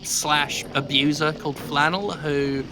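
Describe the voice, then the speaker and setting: A man's voice: a little high, fairly even intonation, measured pace, background noise. A young English man chatting casually as a stream guest, rambling and self-deprecating with many restarts. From England.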